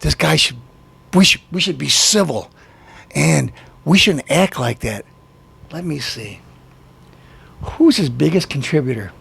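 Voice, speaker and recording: A man hosting a comedy show, delivering a mocking political rant with taunts and shouted outbursts. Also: on the high side, lively intonation, unhurried, vocal fry, pauses often, breathy edge.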